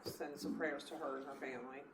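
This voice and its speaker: A woman council member speaking quietly at a meeting. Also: sits low, flat delivery, quick pace, a loud crowd. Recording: echoey room, distant mic.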